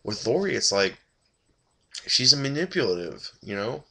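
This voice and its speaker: A man's voice: medium pitch, big pitch swings, normal speed, creaky, long pauses, bright, forceful tone, husky. A tired man giving a rambling, blunt and profane casual review of a TV episode.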